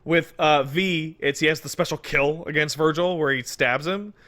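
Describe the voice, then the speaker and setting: Male podcast co-host, bright forward tone, animated and casual. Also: on the high side, normal speed. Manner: animated retelling, casual swearing.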